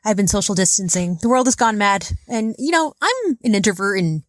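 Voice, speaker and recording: A woman's voice: medium pitch, sing-song, brisk, dry recording. A woman opening a recorded comedy news segment with a wry, sardonic delivery.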